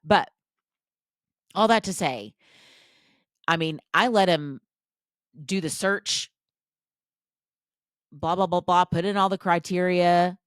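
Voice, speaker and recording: A woman's voice: on the low side, dry recording, clean studio sound. A woman hosting a podcast, talking in a casual, chatty, self-deprecating monologue full of restarts and asides. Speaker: podcast host.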